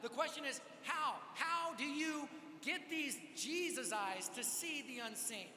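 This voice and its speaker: A man preaching a sermon at a large event, telling a story with energetic, self-mocking humor. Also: extremely high pitch, measured pace, slight background noise. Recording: echoey hall with live reverb.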